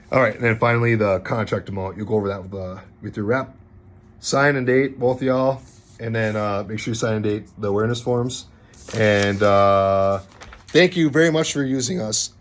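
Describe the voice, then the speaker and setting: A man from a contracting company casually walking clients through a contract, joking and mildly stern. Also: fairly low pitch. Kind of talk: casual explanatory walkthrough.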